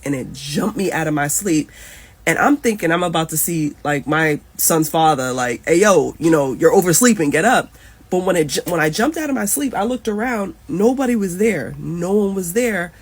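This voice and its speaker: A woman's voice: low-pitched, slightly rough. Woman telling an emotional story. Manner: emotional, animated retelling. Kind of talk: casual storytime.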